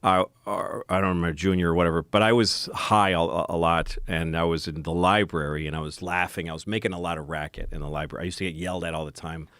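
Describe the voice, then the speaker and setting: A man's voice: deep voice, steady tone, quick pace, few pauses, a bit bright, no echo. A man co-hosting a podcast, telling rambling school stories in casual chat and laughing often, recorded on a studio mic. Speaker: podcast co-host.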